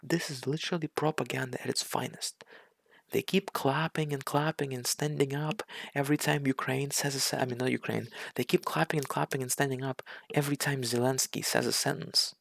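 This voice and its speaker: Husky gravelly man ranting in disbelief. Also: medium pitch, fairly even intonation, fairly quick, a bit bright, dry recording. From Russia. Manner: incredulous, sarcastic, stammering restarts. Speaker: reaction commentator. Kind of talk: ranting reaction commentary.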